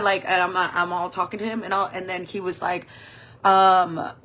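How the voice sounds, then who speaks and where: Talking a little fast in a lowish voice, a woman in her 40s tells a personal story while doing her makeup. She's a makeup vlogger, animated and freely swearing, acting out the dialogue she quotes.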